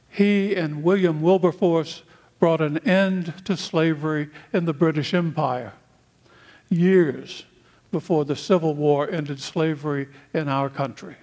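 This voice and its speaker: A man from the United States preaching a sermon, speaking in slow, deliberate phrases with long pauses. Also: a little high, steady tone, a little mellow.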